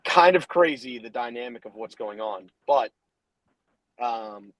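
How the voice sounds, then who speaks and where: A man hosts a casual betting podcast while driving. He talks loose and hyped, rambling and restarting with fillers. His voice is dry and close, with a middle pitch. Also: animated, unhurried, a bit bright, dry recording, poor audio. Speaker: podcast host.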